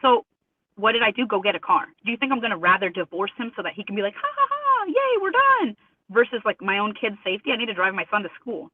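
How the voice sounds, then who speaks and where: A woman's voice: medium pitch, racing, no echo. A woman guest in a remote interview, talking emphatically and indignantly, quoting others with mimicked voices. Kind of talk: remote interview over a call. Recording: tinny phone-line audio, dry.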